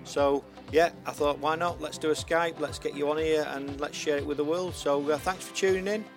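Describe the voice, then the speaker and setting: A man's voice: a little high, fairly even intonation, normal speed, music in the background. A man hosting an online radio show, chatting casually with fillers and restarts. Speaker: podcast host.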